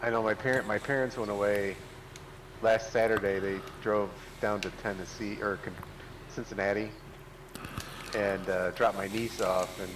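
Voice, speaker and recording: A man co-hosting a casual chat, recounting memories in an unhurried way. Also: on the low side, fairly even intonation. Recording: noisy background.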